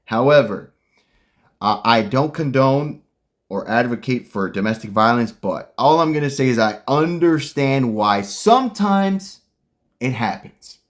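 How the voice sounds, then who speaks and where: A man's voice: medium pitch, animated, measured pace. A man hosting a casual commentary, ranting bluntly and heatedly with lots of slang. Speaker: commentary host.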